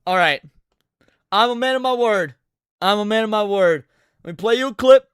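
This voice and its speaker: A man's voice: high voice, fairly quick, fairly bright tone, smooth, no echo. A man streaming live, reacting to clips with brash, profane, emphatic casual commentary into a close mic.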